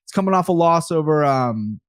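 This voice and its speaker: A fast-talking betting analyst with a fairly high, expressive voice runs through fight picks in podcast chat, talkative and poking fun at himself. The sound is close and dry, with no room or echo around it.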